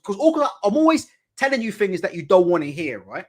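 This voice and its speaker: A man's voice: high voice, big pitch swings, fast. A British man hosting a boxing channel, ranting in live commentary with heated, profane rhetorical questions. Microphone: desk mic.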